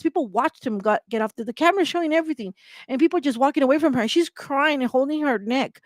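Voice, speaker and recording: A woman's voice: high-pitched, no echo. Impassioned woman host, dry close sound. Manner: emphatic, repetitive, rhetorical questions, heated. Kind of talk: impassioned commentary monologue.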